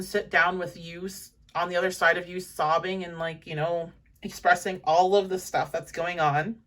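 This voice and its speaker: A woman's voice: lowish voice, a bit bright, distant mic. A young woman giving a pick-a-card tarot reading in a chatty, encouraging, rambling way, full of fillers. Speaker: tarot reader.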